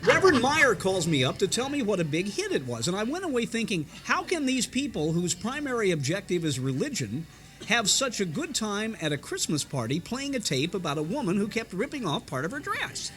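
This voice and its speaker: Animated older storyteller from Indiana. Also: male voice, sits high, brisk. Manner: animated, mimics voices and sound effects. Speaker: veteran radio broadcaster. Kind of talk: anecdotal storytelling. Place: restaurant.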